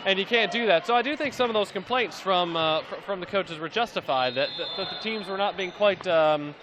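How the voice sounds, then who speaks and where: A man's voice: sits high, a little fast, background noise. Chatty American man on commentary. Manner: hesitant, restarts and fillers, chatty analysis. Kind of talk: live sports commentary.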